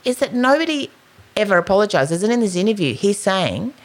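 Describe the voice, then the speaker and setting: Lively Australian woman telling a story. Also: mid-range voice, a little fast. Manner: animated storytelling, acts out quotes. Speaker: podcast co-host. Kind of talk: casual chat.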